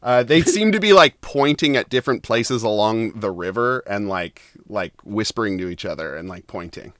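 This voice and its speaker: Smooth-voiced man running a tabletop game. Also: fairly low pitch, expressive, normal speed, a bit bright, dry recording, clean studio sound. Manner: rambling, filler-heavy narration. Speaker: game master.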